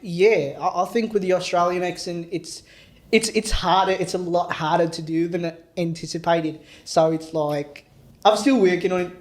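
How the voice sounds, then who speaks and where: A man's voice: high voice, fairly even intonation, normal speed. A young man, hosting a podcast in casual, jokey talk full of fillers. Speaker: podcast host. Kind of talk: casual chat.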